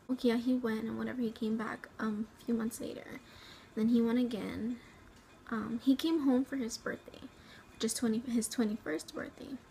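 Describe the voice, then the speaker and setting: A woman from South Texas tells a personal story at home with a slightly high, gravelly voice. She rambles and hesitates, filling gaps with ums and likes, and sometimes sinks to a near whisper. A faint hiss sits under her voice. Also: darkish tone, low-quality recording. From Rio Grande Valley, Texas. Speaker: vlogger.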